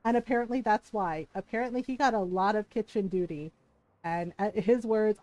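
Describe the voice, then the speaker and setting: A woman's voice: on the high side, moderate pace, no echo, faint music behind. A woman streamer chatting casually, telling a story with frequent laughter and acted-out quotes. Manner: animated, laughs often, acts out quoted voices. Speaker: game streamer.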